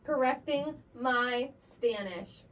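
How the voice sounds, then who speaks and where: A woman's voice: fairly high pitch, slow, a bit bright. A young woman co-hosting a podcast in a playful, giggly manner, reading aloud from an article and chatting casually. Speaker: podcast co-host. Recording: slightly distant mic with faint background noise.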